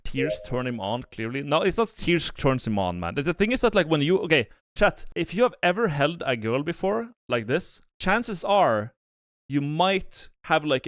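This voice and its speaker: Young male streamer, casual reaction commentary, halting and profane, very dry close sound. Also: a little high, a bit bright, dry recording. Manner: rambling, many restarts and fillers, blunt profanity.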